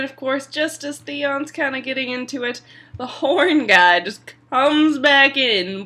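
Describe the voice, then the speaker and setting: A woman chattily recapping a TV episode, full of "like" and casual swearing. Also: a little high. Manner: chatty, animated, lots of "like" and swearing. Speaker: TV episode reviewer.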